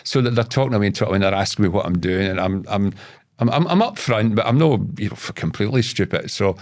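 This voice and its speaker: Low-voiced, salty Scottish man telling a yarn. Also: animated, quick pace. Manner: salty, swears freely, stumbles and repeats words. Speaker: podcast guest. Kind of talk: casual storytelling.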